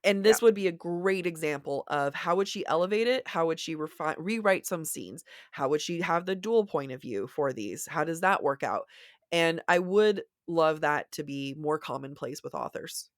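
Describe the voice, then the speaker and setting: A woman's voice: low-pitched, animated, normal speed, no echo, clean studio sound. A woman co-hosting a podcast, chatting casually about books in a rambling, self-deprecating way with many restarts. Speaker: podcast co-host. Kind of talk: casual book chat.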